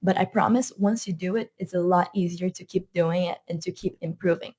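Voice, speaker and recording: A woman's voice: fairly low pitch, fairly even intonation, a little fast, darkish tone, husky. A woman with a non-native accent, a language coach giving an earnest motivational talk to camera, repeating her points for emphasis.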